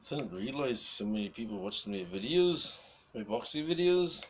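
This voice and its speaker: A man's voice: medium pitch, animated, moderate pace. A man with a New Zealand accent chatting casually in a vlog, rambling, chuckling and swearing a lot. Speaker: vlogger. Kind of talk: casual chat. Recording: distant mic with clear background noise.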